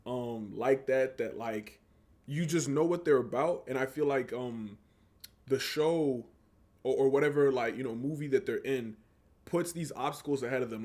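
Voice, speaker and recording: A man's voice: mid-range voice, normal speed, darkish tone. Laid-back rambling man, casual chat. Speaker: podcast co-host.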